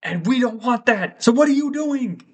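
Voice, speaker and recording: A man's voice: extremely high pitch, animated, moderate pace, voice pushed up. A man voicing the panicking neurons of a brain, pleading frantically to stay alive. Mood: panicked pleading.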